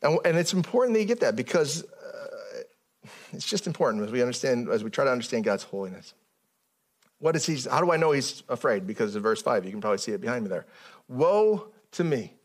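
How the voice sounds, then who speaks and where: A man preaching a sermon in a conversational way, often stopping and restarting his sentences and rising in pitch as he stresses a point. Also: lively intonation, fast. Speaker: pastor.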